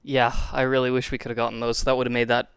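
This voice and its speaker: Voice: mid-range voice, flat delivery, quick pace, clear, resonant tone, no echo. A gameplay commentator reacting with panicky outbursts and nervous laughs, counting attack timings aloud and catching their breath afterward. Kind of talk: live gaming commentary.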